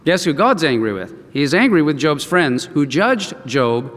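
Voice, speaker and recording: A pastor delivering a sermon, retelling Bible stories and acting out their voices. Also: male voice, on the high side, measured pace, in a large hall. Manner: animated storytelling, acts out quoted voices.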